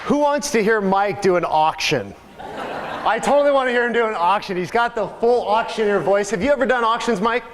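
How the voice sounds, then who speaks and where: Energetic high-voiced man rallying a crowd. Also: brisk, a little hiss or hum. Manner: energetic, joking, rallying the audience. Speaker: real estate coach and speaker. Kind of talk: live seminar talk to a crowd. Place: large seminar room. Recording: long hall reverb.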